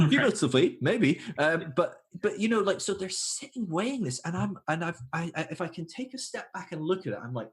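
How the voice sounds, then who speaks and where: A man's voice: a little high, moderate pace, husky. A man in his thirties, a podcast guest talking casually, thinking aloud with fillers and restarts and acting out quoted voices. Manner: animated, acts out quoted voices. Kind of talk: casual conversation.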